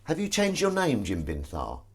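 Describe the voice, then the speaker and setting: A man hosting a casual live stream, rambling and self-mocking with sudden shouts while he does the washing up at home. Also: medium pitch, wildly swooping pitch, normal speed, a little hiss or hum. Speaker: streamer host. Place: home kitchen, doing the washing up. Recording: clattering dishes and running water.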